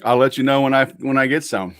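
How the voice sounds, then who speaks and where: A male guest on a video call trades quick jokes with the host. His tone stays casual and wisecracking, with a mid-range pitch. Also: fairly bright tone, smooth. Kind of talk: joking casual chat.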